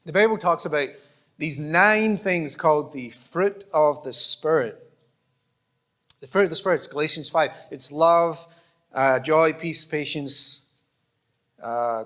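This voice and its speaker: A man's voice: fairly high pitch, measured pace, fairly bright tone. A pastor from Scotland with a Scottish accent, preaching in a conversational way, acting out little exchanges and joking at his own expense. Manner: conversational, acts out small dialogues, self-deprecating humour. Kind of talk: sermon. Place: church auditorium.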